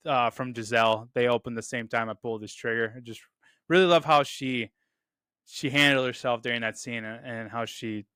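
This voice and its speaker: A man's voice: medium pitch, pushed and bright, clean tone, no room sound, clean studio sound. A man hosting a casual movie review, enthusiastic and repeating "really, really" often. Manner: quotes lines in a loose put-on delivery. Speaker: film review host.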